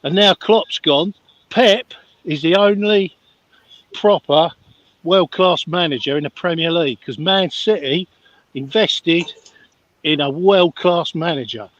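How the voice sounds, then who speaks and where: A man's voice: on the high side, slow pace, fairly bright tone, no echo. A man calling in to a football fan show, bluntly opinionated and dismissive. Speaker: caller. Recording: dull dry call-in line.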